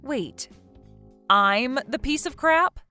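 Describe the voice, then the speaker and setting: A woman's voice: on the high side, big pitch swings, normal speed, pushed and bright, faint music behind. A woman voicing Brandy, gloating husband-stealer. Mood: spiteful. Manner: taunting, gloating, laughs mockingly. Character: smug scheming woman who stole her friend's husband. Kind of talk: text message story dialogue.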